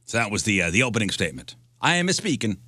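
A man's voice: fairly low pitch, sing-song, fast talker, pushed and bright, slight background noise. A man hosting a radio show, chatting casually and joking as he reads out news items.

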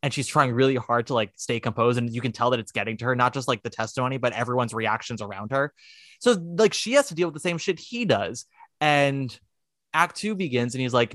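A man co-hosting a podcast in casual chat, animated and profane, acting out quotes in put-on voices. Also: medium pitch, fairly quick, no echo, studio quality. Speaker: podcast co-host.

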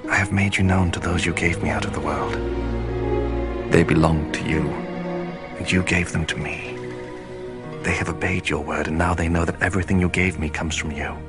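A reverent, English-accented Jesus prays to his Father in a low, unhurried voice. Each line is spoken with solemn calm, and a film score swells beneath him. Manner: slow, solemn, reverent prayer. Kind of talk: film drama. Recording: film clip with music underneath.

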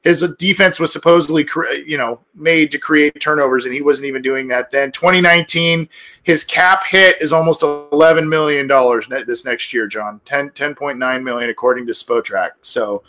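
A male podcast host in loose, casual sports talk, full of ums and restarts. His voice is bright and forward, and it sits a little above the usual male pitch. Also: moderate pace. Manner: chatty, many fillers and restarts.

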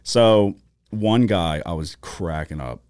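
A man with a low voice speaks slowly on a dry recording. He co-hosts a studio podcast, trading stories in casual chat, swearing freely and acting out the voices of people he quotes with animated, profane energy.

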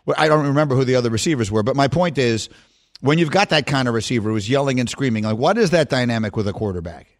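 A man's voice: mid-range voice, lively intonation, quick pace. Sports radio host guy, chatty, asks stuff, laughs easy, mid voice.

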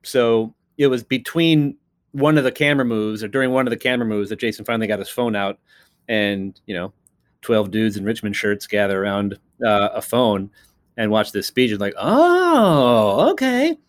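A man who co-created and writes a TV series chats casually in an interview, his lowish voice clear and resonant, with fairly even intonation at a moderate pace. He rambles with fillers and restarts, sometimes acting out the voices of people he quotes.

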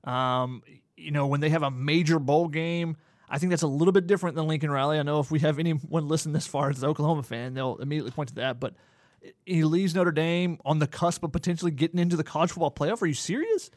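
A man's voice: fairly high pitch, quick pace, no room sound. Opinionated man ranting on a podcast. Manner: opinionated, ranting, dry jokes. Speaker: podcast co-host. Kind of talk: casual chat.

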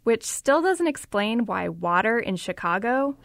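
A woman's voice: fairly high pitch, sing-song, unhurried, creaky, fairly bright tone, no room sound, studio quality. A woman reporter giving scripted, conversational podcast narration.

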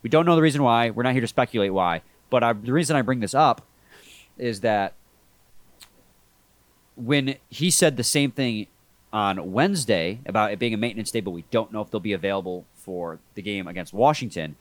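A congested man with a head cold, hosting a sports podcast in a relaxed, rambling way that often restarts mid-sentence. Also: fairly low pitch, fairly quick, no room sound. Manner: relaxed, rambling, self-correcting. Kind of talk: casual sports podcast chat.

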